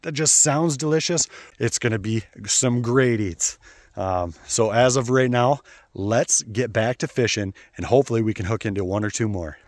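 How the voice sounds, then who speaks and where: A man, an outdoor vlogger talking excitedly to viewers while fishing on a riverbank. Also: mid-range voice, normal speed, dry recording. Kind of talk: excited outdoor narration to camera.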